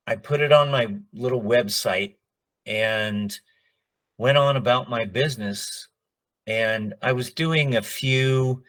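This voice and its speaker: Brief: middle-aged male voice actor, unhurried, mid-pitched, spins anecdotes and performs the quotes. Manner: animated, acts out quoted dialogue. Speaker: voice actor guest. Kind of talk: casual interview storytelling.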